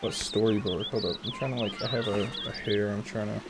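A man's voice: on the low side, fairly quick. A male streamer giving casual live commentary on a game, reacting with frequent swearing. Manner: profane, reactive, animated. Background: video game music.

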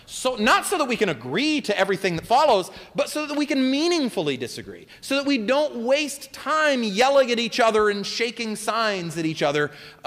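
A man answering audience questions as a guest philosopher at a public talk, speaking in an animated, expansive way with spirited emphasis. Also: high-pitched. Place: lecture hall at a college event. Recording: hall reverb.

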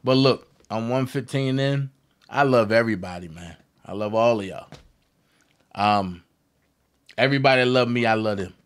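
A man's voice: mid-range voice, moderate pace, long pauses, clear, resonant tone. A man hosting a live stream, chatting casually and easygoing with his viewers. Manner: relaxed, easygoing, talks to his audience. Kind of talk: casual chat.

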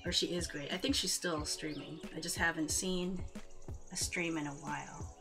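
A woman's voice: low voice, fairly even intonation, normal speed, over music. A woman streamer chatting casually with viewers while she paints, often giggling between remarks. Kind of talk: casual livestream chat.

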